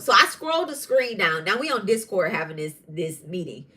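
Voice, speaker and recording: A woman hosting a spiritual podcast who tells stories in a casual, animated way, swearing freely. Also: medium pitch, normal speed. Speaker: podcast host and tarot reader. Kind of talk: casual storytelling monologue.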